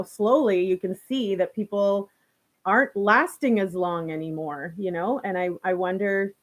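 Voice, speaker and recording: A young woman from Canada hosting a casual live stream. She chats with viewers, reads their comments, laughs often and uses many fillers. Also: mid-range voice. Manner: chatty and warm toward viewers, laughs often, many "like" and "you know" fillers.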